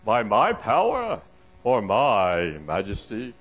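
A grandiose ancient king gloats over his own power, as a preacher acts him out. His voice drops low and the words stretch out slow and heavy. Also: wildly swooping pitch, highs cut off, full character voice. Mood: boastful.

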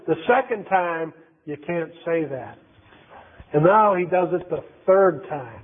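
A man preaches in a high, emphatic, conversational voice, repeating phrases for weight. The recording is thin and phone-like. His delivery moves between reflection and insistence. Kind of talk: sermon. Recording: tinny phone-like sound.

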